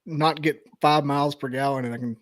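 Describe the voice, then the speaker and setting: A man's voice: a little high, steady tone, fairly quick, dry recording, studio quality. A man joking around with wisecracks as a guest in casual podcast chat.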